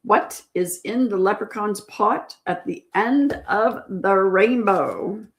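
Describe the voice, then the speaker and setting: Speaking slowly in a mid-range voice, this woman hosts a laid-back trivia livestream, patiently restating every question and reading out what viewers answer.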